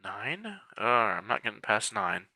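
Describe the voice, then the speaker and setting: A man's voice: lowish voice, expressive, a little slow, bright, forceful tone, no echo. A man giving casual, chatty commentary over a strategy game, muttering to himself as he clicks through menus, with the hiccups. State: has the hiccups. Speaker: game walkthrough creator.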